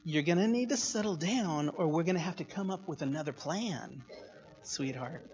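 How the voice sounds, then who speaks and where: A man voicing his patient, loving mother, speaking softly and gently. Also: a little high, normal speed, close to an everyday voice. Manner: soft, hushed and gentle. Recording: echoey hall, dull sound.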